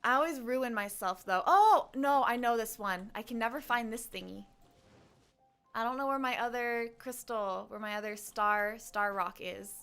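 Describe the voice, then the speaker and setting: This woman's voice is a little high, fairly bright and smooth, moving at a normal speed. She's streaming a game, chatting easily with viewers and muttering to herself as she plays, humming along and repeating lines from the game.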